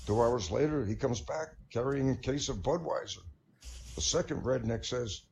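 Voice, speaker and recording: A man's voice: medium pitch, moderate pace, creaky, darkish tone, a little hiss or hum. An older man reading a string of jokes aloud on an online comedy show, chuckling at his own punchlines.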